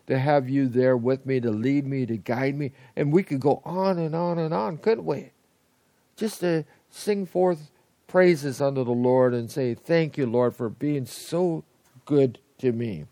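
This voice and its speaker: A man preaches a devotional in an earnest, halting way, stopping to restart phrases and slipping into short prayers. His voice is mellow and gravelly. The sound is dry and close, with no room around it. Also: medium pitch, dry recording. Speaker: pastor. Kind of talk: devotional sermon.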